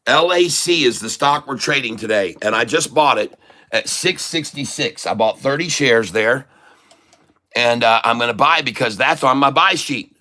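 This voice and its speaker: A man hosting a live day-trading stream from home, talking loudly and joking as he reads out his buy and sell numbers. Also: mid-range voice, expressive, moderate pace. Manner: loud, chatty, jokey. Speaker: host.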